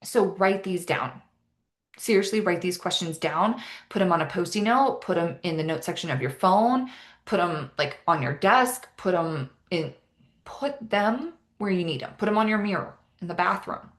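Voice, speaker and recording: Upbeat woman coaching with a low voice. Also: animated, moderate pace. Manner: upbeat, earnest, many "like" and "right?" asides. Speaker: fitness and mindset coach. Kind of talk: casual motivational training talk.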